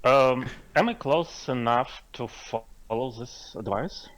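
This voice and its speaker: A man's voice: mid-range voice, takes it slowly, a bit bright, lo-fi sound. A man playing in an online tabletop game, hesitant and giggly. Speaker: player. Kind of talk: casual play over voice chat.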